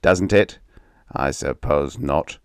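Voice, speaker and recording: A cruel stepfather sneers in slow, menacing words in a storybook reading, as a man voices him. The voice is low and close in a dry space. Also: clean tone, no echo.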